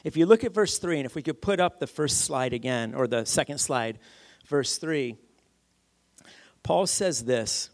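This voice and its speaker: A man's voice: mid-range voice, animated, unhurried. A man preaching a sermon, emphatic, repeating key phrases and asking the congregation questions. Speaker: pastor.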